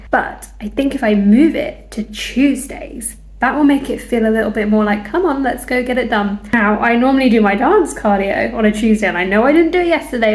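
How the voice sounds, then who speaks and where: A young woman talking through her week in a casual, self-deprecating fitness vlog on a clip-on mic. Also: medium pitch. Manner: chatty, self-deprecating, laughs at herself. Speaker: fitness vlogger. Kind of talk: casual vlog chat to camera. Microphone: clip-on lapel mic held in hand.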